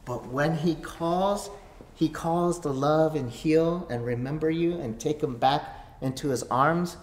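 A man pastor preaching a sermon to a camera, swinging from hushed whispers to sudden shouts. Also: fairly high pitch, measured pace. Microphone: facing a camera. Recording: echoey hall, faint room noise.

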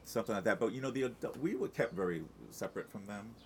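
Very deep-voiced chatty man. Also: expressive, quick pace, darkish tone, slight background noise. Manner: chatty, rambling with many restarts and fillers. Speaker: Broadway actor, guest. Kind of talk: casual interview chat.

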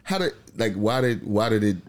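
A man, chatting casually as a podcast co-host and acting out quotes. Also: moderate pace. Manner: animated, acts out quotes in high voices. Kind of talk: casual chat about a TV show.

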